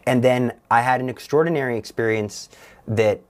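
A young man, a guest on a talk show, giving an earnest, halting personal testimony with many restarts. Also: medium pitch.

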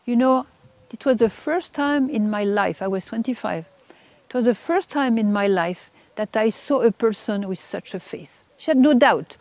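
Woman giving an emotional testimony, halting. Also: fairly high pitch, animated, darkish tone, no room sound. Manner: halting, repeats words, voice rises when quoting others. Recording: dull lo-fi recording.

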